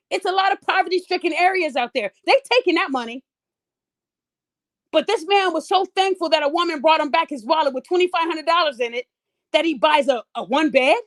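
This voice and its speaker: High-voiced woman ranting, dry sound. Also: dry recording. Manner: mocking, profane, incredulous; acts out quoted people in raised, sing-song voices. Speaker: podcast host. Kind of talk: heated commentary.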